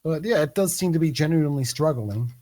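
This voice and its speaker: A man narrating a tabletop game as game master, relaxed and hesitant with many fillers. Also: a little high, a little fast.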